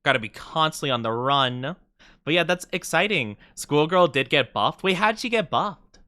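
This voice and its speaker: A young man chatting casually on a game live stream, playful and jokey, with bursts of mock self-pity and quick laughs. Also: a little high, animated, sharp tone, dry recording, clean studio sound.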